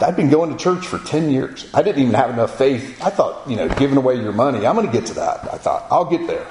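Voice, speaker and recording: A man's voice: mid-range voice, very animated, fast talker, hardly any pauses, a little mellow. A man in his forties giving a personal testimony, telling his story and voicing his own inner thoughts. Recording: roomy echo.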